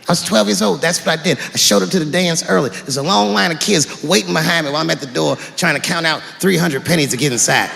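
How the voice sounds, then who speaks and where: A middle-aged man doing stand-up storytelling on a theater stage, animated and profane, with exasperated outbursts. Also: on the high side, fast talker, vocal fry, hardly any pauses. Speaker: stand-up comedian. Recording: theater hall reverb with faint audience ambience.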